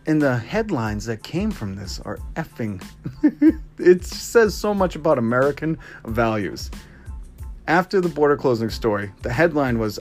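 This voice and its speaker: A man's voice: mid-range voice, lively intonation, normal speed, soft background music. A man from Boston hosting a podcast, ranting in a casual, sarcastic and exasperated way and mocking others by quoting them. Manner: mock-quotes others in put-on voices. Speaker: podcast host. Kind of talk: casual opinion rant.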